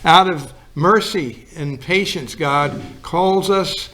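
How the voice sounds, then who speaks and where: A man's voice: fairly high pitch, slow pace, a bit bright. Folksy male pastor telling a story. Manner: folksy storyteller acting out quoted lines. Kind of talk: sermon.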